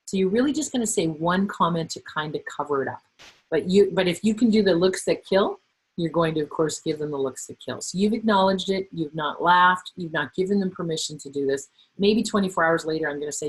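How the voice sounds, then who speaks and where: A middle-aged woman trainer presenting a workplace webinar, animated and acting out the voices she quotes. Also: on the low side, brisk, husky, poor audio.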